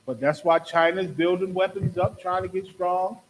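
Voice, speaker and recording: A high-pitched man preaching hard as host of a talk show, rhetorical and fired up, slipping into other voices to act out what people said. A faint ambient hum sits behind him. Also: fairly even intonation, normal speed, poor audio. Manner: preachy, rhetorical, acts out quotes. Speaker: podcast host. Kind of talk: impassioned religious commentary.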